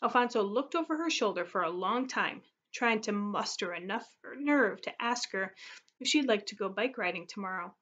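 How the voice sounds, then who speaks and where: A woman teacher reading a story aloud to her class, expressive and steady, on a muffled recording. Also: medium pitch, moderate pace.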